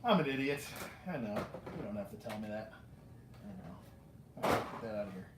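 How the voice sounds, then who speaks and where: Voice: medium pitch, sing-song, a little fast, reverberant, heavy background noise. A toy collector chatting casually through a live unboxing, rambling, joking at their own expense and talking to the figures. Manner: rambling and self-mocking, talks to the toys, laughs often.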